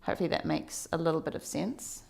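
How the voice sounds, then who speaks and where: A woman fitness instructor leading a workout, giving calm breathing and movement cues with chatty asides. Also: low-pitched, fast, creaky.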